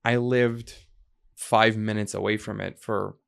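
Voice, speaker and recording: Gravelly, low-voiced man telling stories. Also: a little slow. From United States. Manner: reflective storyteller, quotes people in lively voices. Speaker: podcast guest. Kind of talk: conversational interview.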